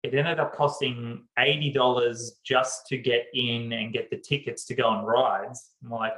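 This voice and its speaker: Man, 30s, podcast co-host, animated storytelling, laughs a lot, mid pitch. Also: unhurried, few pauses, echoey room, poor audio. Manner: animated storyteller, laughs often, acts out what others said. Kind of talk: casual storytelling chat.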